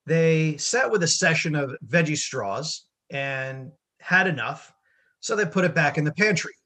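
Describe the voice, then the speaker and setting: Dad on a podcast, bright husky voice, a bit high, hams up his rant. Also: lively intonation, a little slow. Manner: wry, exaggerated storytelling with put-on voices. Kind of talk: casual chat.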